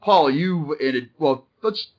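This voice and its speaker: Brash, animated male podcast host. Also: on the high side, a little slow, slight background noise. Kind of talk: casual podcast chat with a scripted opening. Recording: dull lo-fi call audio.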